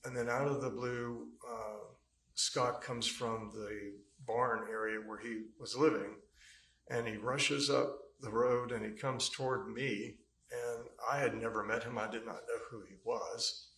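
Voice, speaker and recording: A man's voice: medium pitch, fairly even intonation, unhurried, fairly bright tone. A man giving witness testimony in a courtroom, telling his account at length in a rambling, hesitant way full of fillers. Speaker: trial witness. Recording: echoey courtroom mic.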